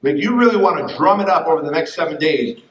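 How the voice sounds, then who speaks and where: Profane, animated man speaking in a hall. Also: a little high, fast, a little hiss or hum. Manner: animated, profane, acts out quoted voices. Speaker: fitness business speaker. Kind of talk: energetic conference keynote. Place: conference hall with audience. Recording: distant, roomy, dull room mic.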